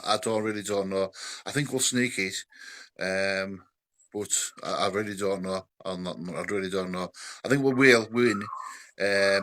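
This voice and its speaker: A man talking as a guest on a casual sports podcast, excitable and repeating himself. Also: on the low side.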